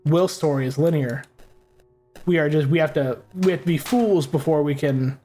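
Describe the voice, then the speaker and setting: A man's voice: fairly high pitch, moderate pace, mellow, faint music behind. A young man casually commentating on a game he is playing, rambling and swearing freely. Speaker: gaming host. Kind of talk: let's play commentary.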